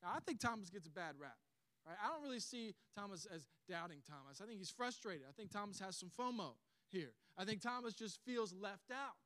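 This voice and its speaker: Animated pastor, high voice. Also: male voice, brisk, dry recording. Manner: animated storytelling with chuckles. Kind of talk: sermon.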